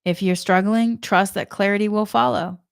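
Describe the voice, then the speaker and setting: A woman's voice: mid-range voice, steady tone, moderate pace, gravelly, clean tone, no room sound, clean studio sound. A woman giving a spiritual energy talk in a chatty way, telling a personal story and laughing often. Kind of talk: casual spoken monologue.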